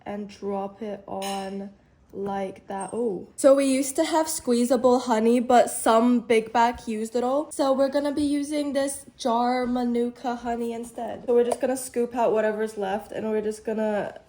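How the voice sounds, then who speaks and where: A woman's voice: on the high side, steady tone, unhurried, warm tone, a little hiss or hum. A young woman chatting casually to viewers as she cooks and eats, a little sleep-deprived and slurring slightly. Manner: chatty, talks to viewers while cooking and eating. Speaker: vlogger. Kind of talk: casual cooking vlog narration.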